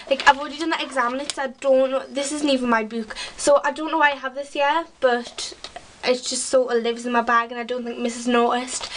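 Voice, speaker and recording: A woman's voice: high-pitched, a bit bright, far from the mic, slight background noise, rough recording. A teenage girl from England, chatting about her school bag in a rambling way, full of fillers. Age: teens. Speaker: vlogger. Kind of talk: casual chat.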